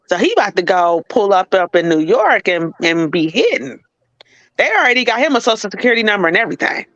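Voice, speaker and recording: Woman cohost, super lively pitch, blunt and jokey, dry muffled mic. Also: fast, no echo. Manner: blunt, playful, with mimicking asides. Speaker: podcast co-host. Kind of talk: casual live review chat.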